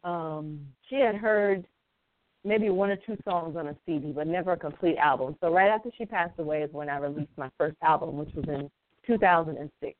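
Reflective woman guest on a tinny line. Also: low voice. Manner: reflective, unhurried, many "you know"s. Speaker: guest singer. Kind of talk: casual interview chat.

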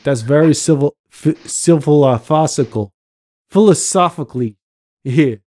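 Male podcast host, slightly high voice, loose and rambling, joking with profanity and filler words. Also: moderate pace, a little mellow. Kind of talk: casual chat. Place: home, living abroad. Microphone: computer microphone.

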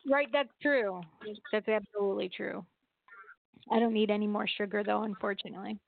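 A woman co-hosting a casual radio show, teasing and quick to laugh. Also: medium pitch, fairly even intonation, creaky. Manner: giggly and teasing. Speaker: co-host. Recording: tinny phone-like call-in audio.

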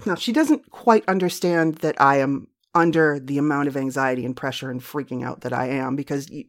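A middle-aged woman hosting a show, telling a personal story in a candid, profane, self-mocking way. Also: sits low. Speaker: podcast host.

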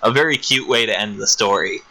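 Podcast co-host, male: very bright, tense tone, animated retelling, laughs a lot. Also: fairly low pitch, brisk, a little hiss or hum, rough recording. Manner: animated retelling, putting on little voices for characters; laughs often. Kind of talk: casual chat.

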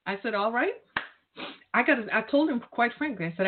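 A woman's voice: fairly high pitch, expressive, a little fast, a little hiss or hum. A middle-aged woman speaking earnestly and directly to caregivers, repeating her key phrases as she urges and encourages them. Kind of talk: heartfelt direct-address talk. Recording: tinny phone-like line.

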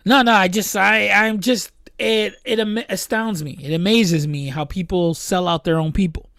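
A man co-hosting a podcast, talking in an animated, incredulous way in casual group chat. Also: sits high, moderate pace. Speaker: podcast co-host.

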